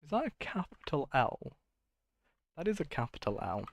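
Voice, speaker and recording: Gravelly man muttering while coding. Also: medium pitch, sing-song, normal speed, dry recording. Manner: muttering, self-correcting, talks to himself. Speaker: streamer coding live. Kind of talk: casual thinking aloud while coding.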